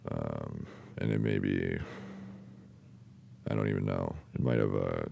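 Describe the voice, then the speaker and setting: A man hosting a podcast, telling a personal story in a halting way, with many pauses and fillers, casual swearing, and sentences that trail off quietly. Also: rumbling low, steady tone, gravelly. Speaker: podcast host.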